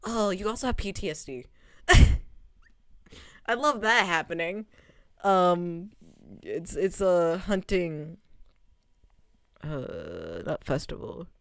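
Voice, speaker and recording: A young woman streamer casually recapping a game, rambling and animated, swearing freely and laughing often. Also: lowish voice, slow, vocal fry, pauses often, smooth, dry recording, clean studio sound.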